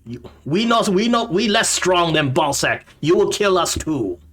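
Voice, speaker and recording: Man doing a shrill jittery goblin guard. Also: big pitch swings, full character voice. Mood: nervous. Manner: halting broken grammar, shouted through a door. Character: timid male goblin guard, broken speech.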